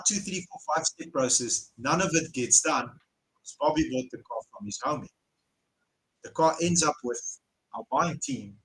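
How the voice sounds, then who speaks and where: A car dealer with a South African accent hosts a casual live Q&A, telling stories bluntly and swearing when he gets riled. His voice is medium-pitched and a bit bright, and the audio quality is poor.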